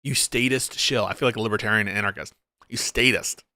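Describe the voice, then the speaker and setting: A man's voice: fairly quick, pushed and bright, dry recording. Profane, sarcastic male streamer, dry sound. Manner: mocks others in shrill put-on voices. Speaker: streamer and political commentator. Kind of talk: live-stream reaction commentary.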